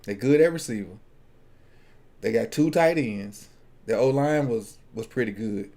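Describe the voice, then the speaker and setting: A man's voice: mid-range voice, a little slow, dark tone. A man talking casually at a football draft watch party. He jokes and thinks aloud, often restarting his sentences. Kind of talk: casual chat.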